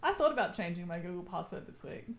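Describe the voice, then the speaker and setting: A woman's voice: lowish voice, animated, fast talker. An Australian woman chatting casually on a gaming stream, laughing often. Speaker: stream co-host. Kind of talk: casual chat while gaming. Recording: echoey room with faint ambient noise.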